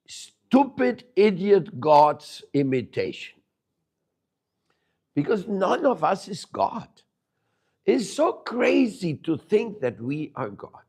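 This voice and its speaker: His voice sits high, mellow with a breathy edge, as this man teaches a spiritual lesson to a small live audience in a room. In this devotional lecture he puts questions to the group, cracks jokes and leans on key words.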